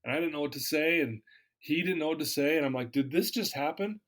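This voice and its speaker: A man's voice: a little high, fast, fairly bright tone. Candid man retelling a personal story. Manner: candid, acts out quoted dialogue. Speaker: interview guest.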